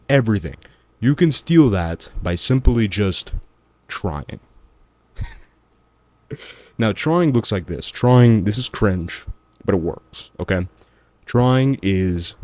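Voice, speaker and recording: A man's voice: low voice, a little mellow, no echo. A man talking straight to the viewer in a casual, slangy, motivational vlog. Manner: slangy, emphatic, addresses the viewer directly. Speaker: self-improvement vlogger. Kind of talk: casual motivational talk to camera.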